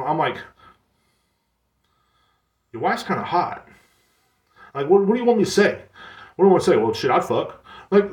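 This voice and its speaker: A man's voice: on the high side, echoey room. A young man hosting his own podcast, ranting in a profane, exasperated way and mocking other people in put-on voices. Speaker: podcast host. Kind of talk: solo ranting monologue.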